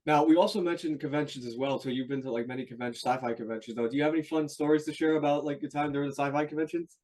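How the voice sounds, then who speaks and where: A man hosting a casual interview, asking quick, easygoing questions. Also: fairly high pitch, a little mellow, far from the mic. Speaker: podcast host.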